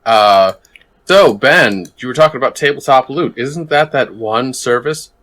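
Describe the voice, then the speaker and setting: A man's voice: mid-range voice, lively intonation, measured pace, a bit bright. A man chatting casually as a player and co-host of a tabletop game show. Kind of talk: casual chat.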